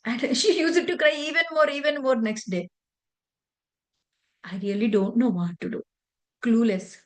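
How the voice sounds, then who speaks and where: A woman's voice: a little high, darkish tone. A woman, teaching meditation in an earnest, conversational way with a personal story. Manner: earnest, conversational, loose grammar. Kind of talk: spiritual lesson with personal story.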